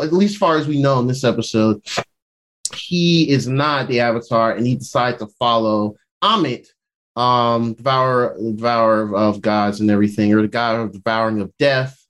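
A man with a medium-pitched voice at normal speed casually recaps a TV episode for a podcast. His animated retelling acts out the characters' lines with slang, raising his voice for the quotes.

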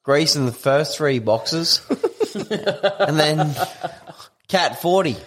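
A man's voice: fairly high pitch, animated, extremely slow, a bit bright. A man co-hosting a casual podcast, blunt and swearing, mostly chipping in with short interjections. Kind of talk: casual chat.

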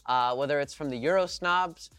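A man's voice: fairly high pitch, normal speed, fairly bright tone, clear, resonant tone, no echo, soft background music. A man hosting a sports podcast, talking in a casual, enthusiastic and fired-up way. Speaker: podcast host and fan.

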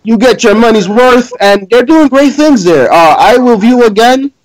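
A man's voice: very high-pitched, animated, moderate pace, poor audio. A man co-hosting a wrestling podcast, chatting casually and joking with many restarts. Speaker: podcast co-host.

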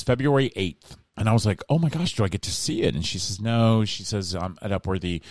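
A middle-aged man, a guest in a casual interview, telling a story in an animated way and acting out the voices of the people he quotes. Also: low voice, dry recording, clean studio sound.

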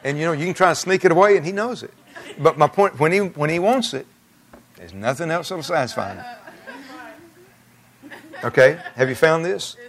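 A man's voice: fairly high pitch, lively intonation, normal speed, pauses often, fairly bright tone. An older man, a pastor, preaching a storytelling sermon in a church in a conversational way, with chuckling asides to the congregation. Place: church sanctuary.

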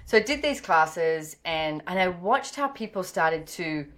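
A middle-aged Australian woman, a guest author, telling animated stories and acting out the dialogue. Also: measured pace. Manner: lively, acts out quoted dialogue with pitch jumps. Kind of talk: animated storytelling in interview.

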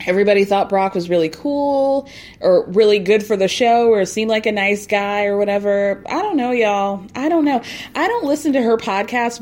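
A woman's voice: fairly high pitch, a little mellow. A woman recapping a reality show in casual, opinionated commentary, with sarcastic asides and put-on voices for quotes.

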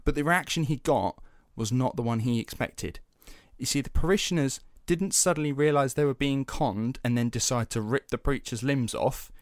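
A man in his young adult years spins a story for a podcast, animated and loose, peppering it with swearing and "like"s. His voice sits at an ordinary middle pitch. It is recorded close and dry, with no room sound. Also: normal speed, few pauses, dry recording. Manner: animated, swears freely, many fillers. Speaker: podcast host. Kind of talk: casual storytelling chat.

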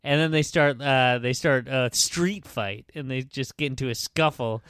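A man's voice: mid-range voice, normal speed, a bit bright, clear, resonant tone, no room sound, studio quality. A man hosting a book podcast, retelling the story in a rambling, profane way full of fillers. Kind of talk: casual chat.

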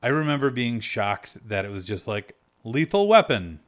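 A young man in a relaxed podcast conversation about films. He delivers dry, deadpan quips and playful disagreements at a middle pitch, with a relaxed, offhand flow. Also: normal speed. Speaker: podcast co-host. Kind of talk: casual chat about a film.

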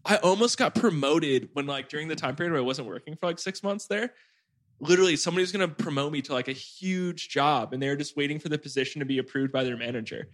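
A man in his late twenties hosts a podcast, telling stories in a casual family chat. His voice sits a little high and moves at a quick pace, recorded dry, and his animated, rambling delivery is packed with "like" fillers.

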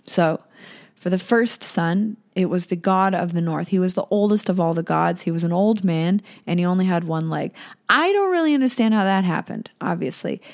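A woman's voice: lowish voice, fairly even intonation, normal speed, a little mellow. A young woman casually retelling a myth, irreverent and chatty, with swearing and asides. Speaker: storyteller.

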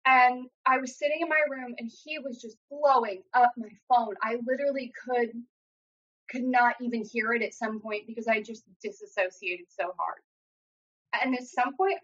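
A young adult woman telling a painful personal story in an earnest, halting way, acting out what others said. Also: a little high, a bit bright. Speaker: guest sharing personal story. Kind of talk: emotional personal account. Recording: dull lo-fi sound.

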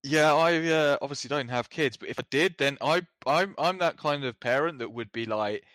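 A man co-hosting a casual chat, relaxed and halting, with many fillers and restarts. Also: mid-range voice, no echo. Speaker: podcast co-host.

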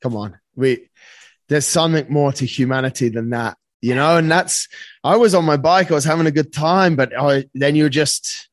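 A man's voice: fairly high pitch, moderate pace, no echo. A man telling a personal story as a podcast guest, earnest and casual, often saying "mate" and swearing freely.

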